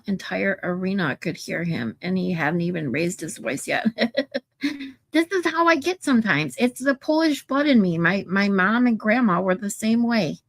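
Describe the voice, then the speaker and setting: A woman hosting a casual livestream, chatting and swearing freely, her voice getting louder when she is irritated. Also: mid-range voice. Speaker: livestream host.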